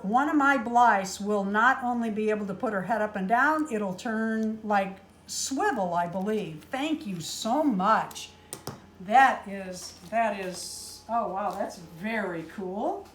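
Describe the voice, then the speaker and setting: A woman's voice: fairly high pitch, expressive, slow pace, a little hiss or hum. A middle-aged woman opening handmade doll gifts on a casual vlog, gushing and exclaiming often, sometimes flustered and choked up.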